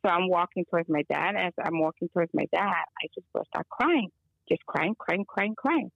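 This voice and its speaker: A woman's voice: fairly low pitch, moderate pace, vocal fry, no room sound. A woman guest telling a long story over a call, rambling and mixing in Spanish words. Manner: rambling, mixes in Spanish words, many fillers. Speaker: guest healer. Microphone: phone or video call. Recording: dull lo-fi call audio.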